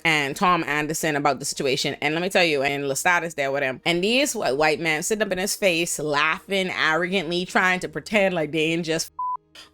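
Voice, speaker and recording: Animated woman recapping a TV episode. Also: lowish voice, clean tone. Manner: animated, profane storytelling with many voiced quotes. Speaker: recap vlogger.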